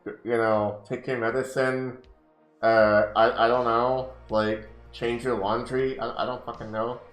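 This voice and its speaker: Slow-talking guy reading a book out loud and cussing about it, echoey room, a little music behind. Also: medium pitch, level tone. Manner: profane, heated rants between passages. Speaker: host reading a book aloud. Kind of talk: casual book reading with commentary. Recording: roomy home recording with faint music.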